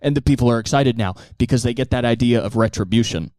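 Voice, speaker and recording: A man's voice: medium pitch, fast, no echo. A male comedian doing a profane stand-up monologue, jumping into acted-out voices. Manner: animated, profane, acts out many voices.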